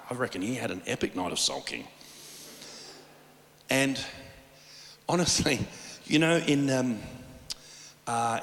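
A man preaching a sermon, telling stories in an animated, rambling way with lots of restarts. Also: medium pitch. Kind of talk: sermon with storytelling. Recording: long reverb of a large hall.

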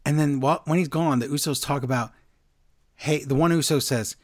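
A man casually recapping a wrestling show, sarcastic and animated, reading from his notes. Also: a little high, moderate pace. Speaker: podcast host recapping wrestling. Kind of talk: casual chat.

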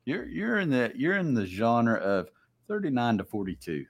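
A man's voice: mid-range voice, very animated, moderate pace. A man in his forties hosting a podcast, asking questions in a casual, joking way. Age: 40s. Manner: joking, laughs often. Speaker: podcast host. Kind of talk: casual chat.

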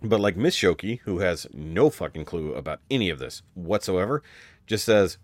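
A man's voice: sits low, expressive, moderate pace, no room sound. A man co-hosting a podcast in casual chat, rambling and swearing with many restarts. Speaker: podcast co-host.

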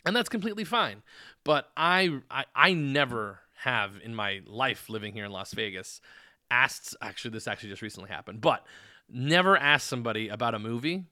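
A man's voice: medium pitch, lively intonation, moderate pace, bright, forceful tone, dry recording, studio quality. A man hosting a podcast, telling a meandering story in casual chat, full of fillers and restarts. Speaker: podcast host.

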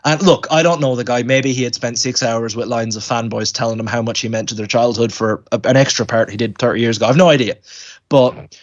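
Man, podcast co-host, animated storyteller who does the voices of his quotes, middle pitch, slightly dull lo-fi audio. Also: a little fast. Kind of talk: casual storytelling chat. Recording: dull lo-fi sound.

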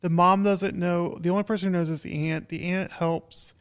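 Smooth-voiced man, wry podcast co-host. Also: high-pitched, moderate pace. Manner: relaxed, wry, retelling plot at length. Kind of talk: casual chat recapping a movie.

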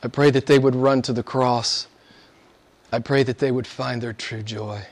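A man preaching a sermon and praying to a live congregation, earnest, slowing down and stretching key words for emphasis. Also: medium pitch, steady tone.

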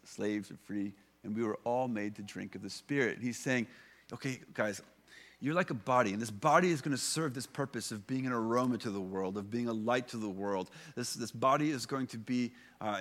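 A man's voice: on the low side, fairly bright tone. Man preaching a casual sermon. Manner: conversational preaching with fillers and restarts. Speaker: pastor.

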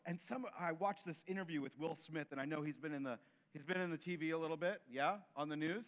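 A man preaching a sermon in an animated way, acting out quoted voices and dropping to soft, gentle tones. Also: fairly high pitch, fast talker, lo-fi sound. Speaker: pastor.

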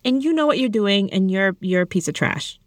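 A woman co-hosting a casual chat, recapping a movie in a blunt, animated, joking way. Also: mid-range voice, brisk, dry recording, studio quality. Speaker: podcast co-host.

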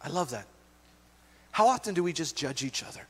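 A middle-aged man preaching as a pastor, conversational and animated, telling stories with asides to the congregation. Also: fairly high pitch, brisk, slightly rough. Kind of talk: sermon. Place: church hall. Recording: long reverb of a church hall.

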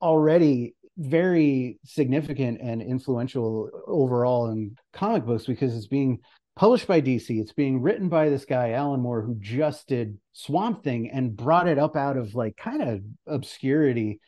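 A man talking loosely on a podcast, his voice at an ordinary middle pitch. He rambles and laughs a lot, dropping swear words into long, winding explanations. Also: expressive, moderate pace, dark tone, muffled recording. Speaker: guest presenter. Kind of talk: casual podcast chat.

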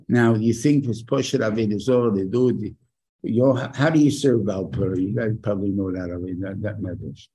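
Older rabbi with a gravelly, husky voice. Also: male voice, on the low side, warm tone, rough recording. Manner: conversational, asks the listeners rhetorical questions. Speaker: rabbi teaching a weekly Torah class. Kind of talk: informal Torah lecture.

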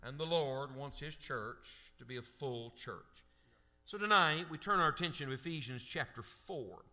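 Forceful, bright-voiced male preacher. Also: medium pitch. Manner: emphatic preaching with questions to the congregation; reads scripture aloud slowly and deliberately. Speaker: pastor. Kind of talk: sermon.

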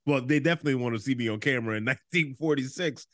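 A man co-hosting a film-review podcast, telling animated stories, slipping into voices and swearing without a second thought. His pitch sits mid-range for a man. The sound is dry and close, with no room echo. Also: quick pace. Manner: animated storyteller, does voices, swears freely. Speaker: podcast co-host. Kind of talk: casual movie-review chat.

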